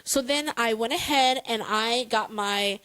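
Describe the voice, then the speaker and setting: A woman's voice: on the high side, a little slow, pushed and bright, smooth, no echo, poor audio. A woman co-hosting a casual chat, telling a story dramatically with playful exasperation. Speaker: podcast co-host.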